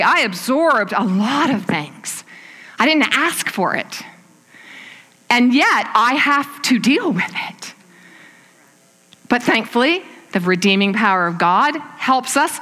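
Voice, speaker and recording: A middle-aged woman preaching in a church, animated and emphatic, laughing at herself now and then. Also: on the high side, big-room sound. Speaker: guest speaker. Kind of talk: sermon.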